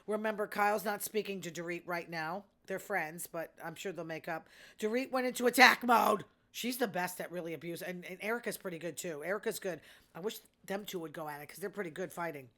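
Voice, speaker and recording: A woman's voice: on the low side, fairly quick, pushed and bright. A middle-aged woman hosting a show, chatting casually and gossiping about reality TV with amused asides. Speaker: podcast host.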